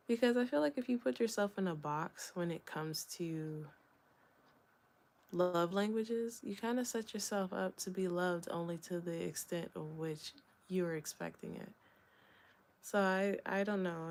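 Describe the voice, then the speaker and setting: A young woman talking through her thoughts in a candid solo vlog. Her voice sits a little low, and she rambles gently with lots of fillers and small laughs. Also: vocal fry. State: hiccups. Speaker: vlogger. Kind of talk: reflective solo vlog talk.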